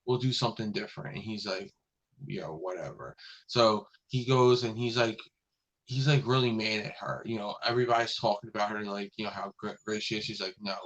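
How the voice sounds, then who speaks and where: A man's voice: lowish voice, flat delivery, fairly quick, fairly bright tone, low-quality recording. A man hosting a casual review show, retelling an episode in a rambling way with many fillers and restarts.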